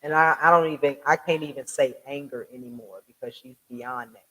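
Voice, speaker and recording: A man's voice: medium pitch, steady tone, brisk, sharp tone. A man hosting a casual commentary vlog, ranting emphatically with slangy, profane talk, rhetorical questions and stammering restarts. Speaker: online commentary host. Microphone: home desk mic with soundboard.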